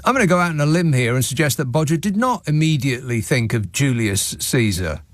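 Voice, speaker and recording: A man's voice: a little high, animated, fast talker, no room sound. A man hosting a late-night talk radio show from a studio, delivering a sarcastic, mocking monologue and reading out listeners' messages.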